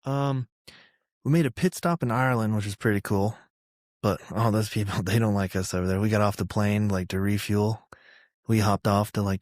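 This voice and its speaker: Male veteran guest, 30s, from Georgia; low, dry, animated profane storyteller. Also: dry recording. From Georgia, USA. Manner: profane, animated storyteller who acts out quotes loudly. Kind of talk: casual storytelling interview.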